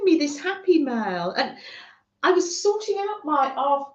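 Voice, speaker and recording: A woman's voice: high voice, very animated, unhurried. Gushing woman in a roomy lo-fi stream. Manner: gushing, warm chatter with viewers. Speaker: craft livestream host. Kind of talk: chatty craft livestream. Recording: roomy, dull lo-fi home stream audio.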